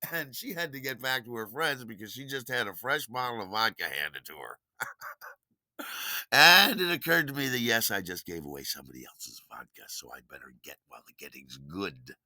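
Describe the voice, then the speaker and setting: A man telling a story in a casual, animated way, delighted with his own tale and acting out quoted lines with big jumps in voice. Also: fairly low pitch, normal speed, no echo.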